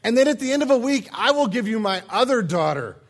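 A man's voice: extremely high pitch, big pitch swings, fast, pitched above the performer's own voice, exaggerated voice. A man voicing a scheming older uncle who brushes off complaints in an offhand, dismissive way. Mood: bargaining. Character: sly scheming older male uncle, shrugging.

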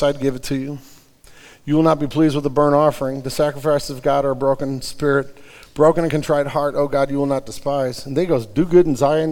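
Higher-voiced man preaching in a reverberant hall. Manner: earnest, swings from fervent prayer to quiet explanation. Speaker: pastor. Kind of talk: sermon.

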